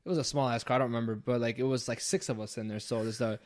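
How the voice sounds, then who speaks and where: Fast-talking young man telling a ghost story. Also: mid-range voice. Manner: swears a lot, animated when acting out quotes. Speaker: podcast host. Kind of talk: casual storytelling.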